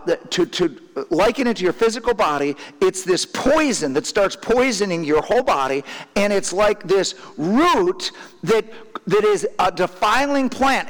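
A man with a high voice preaches a sermon explaining a passage, with a long reverb tail trailing his words. His delivery is halting, often restarting and repeating words, and he laughs now and then.

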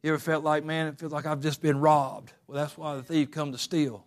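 A male preacher with a fairly high voice delivers a sermon. He swings between hushed, intimate passages and loud, fervent exhortation, repeating phrases for emphasis. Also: little pitch movement, brisk. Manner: builds from quiet talk to loud fervent preaching.

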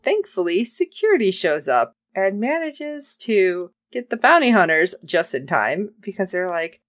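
A woman's voice: medium pitch, very animated, unhurried, no echo. A woman co-hosting a podcast, animatedly recapping a TV episode and acting out the characters' lines with jokey asides. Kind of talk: casual chat.

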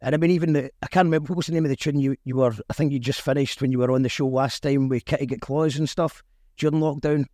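A man's voice: medium pitch, steady tone, quick pace, a little mellow, no room sound, clean studio sound. A Scottish man hosting a casual chat show, interviewing a guest and reading viewer comments aloud. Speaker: podcast host.

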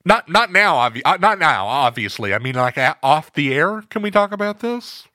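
A flustered show host stumbles over his words and keeps apologizing in a bright, lively voice. The sound is dry and close. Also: on the high side, moderate pace, no room sound. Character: flustered male radio host caught off guard.

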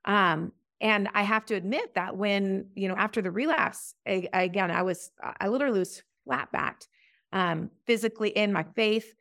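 A middle-aged woman sharing her faith story in an interview, earnest and halting, often restarting her sentences. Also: gravelly, fairly bright tone, dry recording, clean studio sound. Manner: earnest, halting, many restarts, rises high when recalling prayers. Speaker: podcast guest. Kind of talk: testimony in an interview.

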